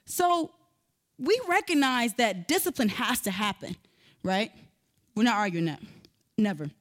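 A woman's voice: fairly high pitch, measured pace. A woman, giving a sermon-style talk and telling a personal story to her listeners. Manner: animated storyteller, addresses listeners directly. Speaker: speaker teaching on parenting.

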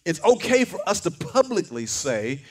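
A man's voice: high-pitched, very animated, moderate pace. An older man preaching a sermon, fervent, with call-and-response lines and repeated words. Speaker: pastor.

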